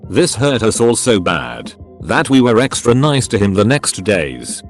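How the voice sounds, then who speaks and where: A man narrating scripted funny online stories in a lively storytelling manner. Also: fairly low pitch, normal speed, soft background music.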